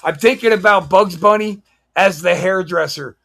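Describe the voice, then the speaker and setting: Man, fairly high voice, animated storyteller, casual podcast chat. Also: normal speed, creaky. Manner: animated anecdote teller who acts out the voices in his stories. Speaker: podcast co-host.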